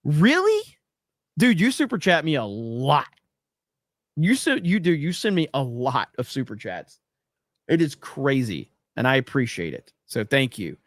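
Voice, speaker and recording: A man's voice: medium pitch, very animated, a little slow, no echo. Dry-sounding man hosting a livestream. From USA. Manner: loose, wisecracking, swears freely. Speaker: livestream host reading super chats. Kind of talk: casual livestream chat.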